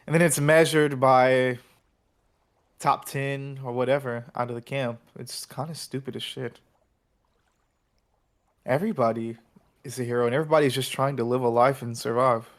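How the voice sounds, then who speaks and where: A man's voice: mid-range voice, fairly even intonation, normal speed, pauses often, close to an everyday voice. A man voicing a laid-back, blunt man at a camp, casual and swearing offhandedly. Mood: dismissive.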